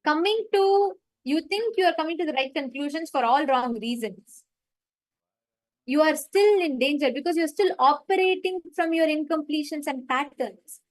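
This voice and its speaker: A woman's voice: high-pitched, moderate pace, no room sound, low-quality recording. A woman facilitating a live online meditation session, retelling a story and stressing her points.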